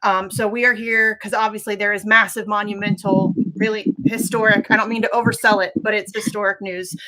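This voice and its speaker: A woman's voice: medium pitch, little pitch movement, brisk, pushed and bright, slight background noise. A woman hosting a casual livestream, sick and close to tears, talking emotionally with lots of swearing and fillers. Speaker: livestream host.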